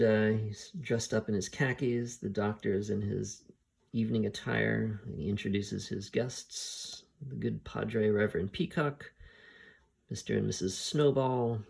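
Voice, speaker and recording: A man with a low, gravelly voice talks through a story at an easy, unhurried pace. He pauses often as he thinks aloud, and his tone stays husky throughout. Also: darkish tone. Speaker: podcast host reviewing comics. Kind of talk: casual spoken retelling of a story.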